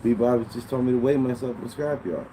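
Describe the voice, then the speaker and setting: A man's voice: medium pitch, fast talker, background noise. A man livestreaming to his viewers, rambling in an aggrieved way and swearing a lot. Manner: aggrieved, rambling and heavily profane. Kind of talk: casual livestream chatter to viewers.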